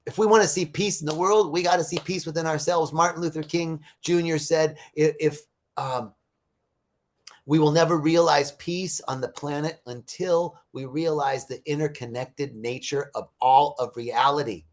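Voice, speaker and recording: Animated man giving a spiritual talk. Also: fairly high pitch, moderate pace. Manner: animated, laughing, tells jokes. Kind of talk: casual live-stream spiritual talk.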